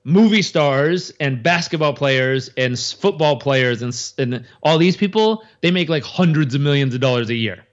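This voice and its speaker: Lively man explaining, dull lo-fi sound. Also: fairly high pitch, moderate pace, hardly any pauses. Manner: animated, uses acted-out crowd reactions and frequent restarts. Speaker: interview guest. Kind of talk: casual interview talk.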